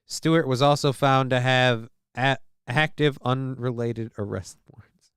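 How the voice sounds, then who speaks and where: A man's voice: mid-range voice, steady tone, measured pace, a bit bright, clean tone, no room sound, studio quality. A man hosting a casual news show, reading stories aloud and riffing on them with irreverent, profane asides. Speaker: show host.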